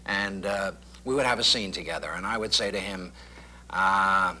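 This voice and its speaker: A middle-aged man, a comedian, talking through his career in a relaxed, anecdotal way on an old television talk show. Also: low voice, a little fast, a little hiss or hum. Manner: thoughtful, anecdotal, with clipped impressions. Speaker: comedian guest.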